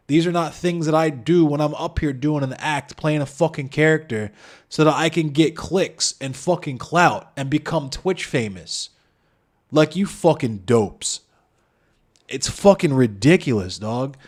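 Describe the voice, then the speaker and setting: A young man streaming, ranting in a heated, passionate and profane way. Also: fairly high pitch. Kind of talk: heated casual stream talk.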